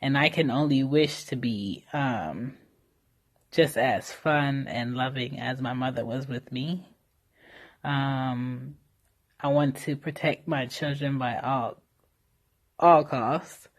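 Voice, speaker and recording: A woman's voice: a bass voice, fairly even intonation, slow. A young woman hosting a solo podcast, talking candidly and casually about motherhood, with fillers and mild swearing. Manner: candid, conversational, with frequent fillers and mild profanity. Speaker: podcast host.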